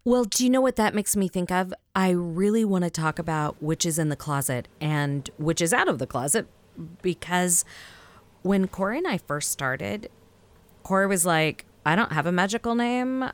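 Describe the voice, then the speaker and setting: A woman with a Southern US accent co-hosting a podcast, chatting in an animated way, laughing often and trailing off mid-sentence. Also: on the low side, normal speed. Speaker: podcast co-host. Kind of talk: casual chat about witchcraft practice.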